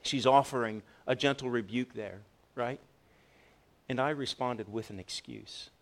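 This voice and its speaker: Male pastor, mid-pitched, storytelling sermon with big dynamic swings and repeated restarts. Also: measured pace, creaky. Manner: storytelling, animated with swings from loud to soft; repeats words when restarting.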